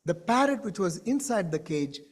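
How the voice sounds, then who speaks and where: A man delivers a keynote from a conference stage. His voice sits fairly high for a man. He speaks to the audience directly and brings his stories to life by acting out the characters' dialogue. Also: very animated, moderate pace.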